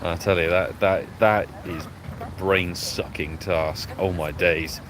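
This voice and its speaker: A man's voice: sits low, steady tone, slow. A man hosting a live stream, chatting casually, greeting viewers by name and catching his breath. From United Kingdom. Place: outdoors by a road. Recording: clear outdoor traffic noise.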